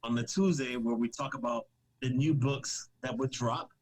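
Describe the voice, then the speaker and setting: Speaking at a medium pitch and moderate pace, this man sounds a little mellow, though the audio is poor. As a comic creator on a podcast, he chats casually on a live stream, full of restarts, fillers and rambling, quick to joke and laugh.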